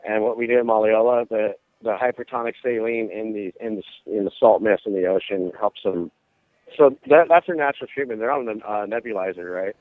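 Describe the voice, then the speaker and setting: Over a dry, tinny phone connection with no echo, a surf instructor calling into a show spins a casual surfing yarn. His pitch is fairly low and his pace a little quick, and he animatedly acts out the people he quotes.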